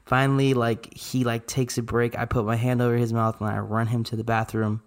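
Man, thirties, podcast co-host, relaxed storyteller, dry asides. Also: mid-range voice, a little fast. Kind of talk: casual storytelling.

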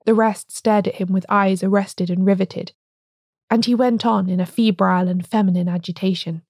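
A woman podcast host reading a classic story aloud in a measured way. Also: mid-range voice, steady tone, darkish tone, no room sound, studio quality.

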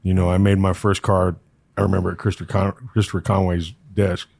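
A man hosting an interview, talking in a relaxed, conversational way. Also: low-pitched, fairly quick, creaky, no room sound. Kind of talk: casual interview chat.

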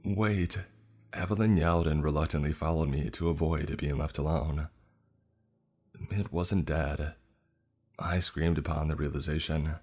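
A man reading a scripted horror story in a tense, measured way. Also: a bass voice, fairly even intonation, slightly rough. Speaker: narrator. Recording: faint music underneath.

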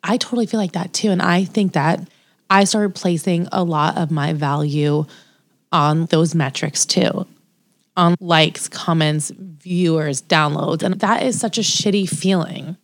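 Woman, low voice, gravelly fry, dry close sound, candid emotional podcast chat. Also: steady tone, a little slow, no echo. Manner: emotional, reflective, frank, with frequent fillers. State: new mother two months postpartum. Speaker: podcast co-host.

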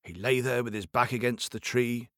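A man telling a folk tale to children in a playful, expressive way, speaking straight to his listeners. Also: medium pitch, moderate pace, no room sound, clean studio sound. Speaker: storyteller. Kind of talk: animated storytelling for children.

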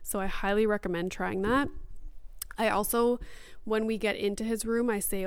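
Young woman, smooth clear voice, dry close sound, chatty upbeat parenting chat. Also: medium pitch, steady tone, moderate pace, dry recording. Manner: chatty, upbeat storytelling with many "like"s. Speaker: podcast host sharing parenting experience. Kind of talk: casual chat.

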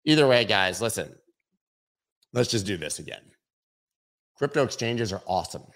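Deep-voiced man hosting crypto news. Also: sing-song, normal speed, fairly bright tone. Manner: casual, emphatic, repeats words for stress. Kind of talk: weekly news review monologue.

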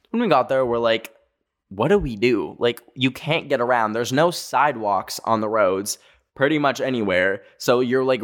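A young man from North America hosting a podcast, telling a story with lots of "like" and jokey asides. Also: mid-range voice. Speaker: podcast host.

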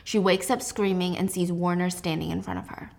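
A young woman hosting a casual book recap, telling the plot in a lively, chatty, sarcastic way. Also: on the low side, brisk, vocal fry. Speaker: host.

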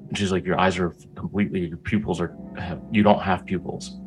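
A man's voice: deep voice, a little fast, faint music behind, poor audio. A young man telling a story as an interview guest, casual and profane, with lots of "like"s. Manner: profane, animated storyteller with many "like"s.

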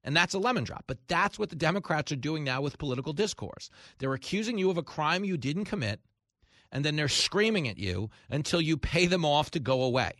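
A New man hosts talk radio in a comedic monologue. His bright voice swings widely in pitch as he acts out quoted characters. The studio sound is dry and close. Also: a little fast, no room sound. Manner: animated, acts out voices in quotes, rising to shouts. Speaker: radio talk show host.

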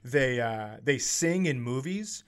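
A man's voice: medium pitch, lively intonation. A man co-hosting a comedy podcast, blunt and joking in casual chat. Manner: blunt, joking, quick to swear. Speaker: podcast co-host.

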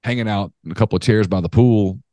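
Low-voiced man chatting sports. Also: quick pace, dark tone, no echo. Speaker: podcast co-host. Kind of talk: casual sports talk.

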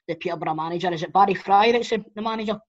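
A man's voice: high-pitched, rapid-fire. A Scottish man hosting a football podcast, chatting bluntly and swearing freely. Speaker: podcast host. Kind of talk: casual football chat. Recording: dull lo-fi audio.

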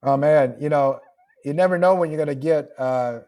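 A man with a fairly high voice talks as an author guest on a podcast, heard over a remote link. He is reflective and openly emotional, and he laughs now and then. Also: moderate pace, mellow. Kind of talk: podcast interview.

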